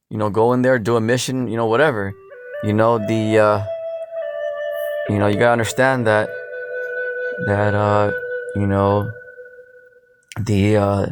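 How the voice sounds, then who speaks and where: A man with a fairly low voice preaches in a loose, rambling way, packing his talk with "you know" and street slang. Music plays clearly underneath his voice. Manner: slang-laced, blunt. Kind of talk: informal scripture commentary. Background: music playing underneath.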